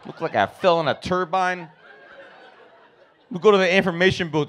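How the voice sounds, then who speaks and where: A man's voice: sits high, steady tone, moderate pace, long pauses, fairly bright tone. A man doing stand-up comedy, telling profane family stories and acting out his relatives. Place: comedy club stage.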